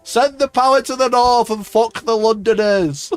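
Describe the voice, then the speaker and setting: A man's voice: extremely high pitch, normal speed, soft background music. A man hosting a casual wargaming live stream, ranting, swearing and laughing often. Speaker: wargaming channel host.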